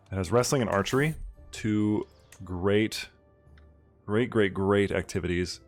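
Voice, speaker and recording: A man narrates his strategy game run in a relaxed, chatty way. His voice sits low, and he breaks into loud mock fury or cheering when the game surprises him. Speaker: gaming video host. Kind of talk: casual let's-play commentary.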